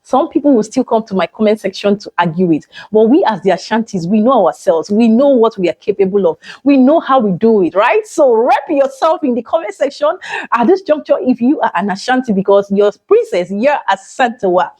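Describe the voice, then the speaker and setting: A woman, chatting excitedly and emotionally to her viewers in a vlog. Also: on the high side, a little fast, slightly rough, no echo, rough recording. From Nigeria. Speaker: vlogger. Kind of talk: casual vlog chat.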